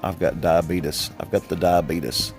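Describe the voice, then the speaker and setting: A man's voice: steady tone, a little slow, darkish tone, soft background music. A middle-aged man hosting a casual chat, jokey and teasing. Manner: jokey, teasing, playfully deep put-on voice. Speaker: host.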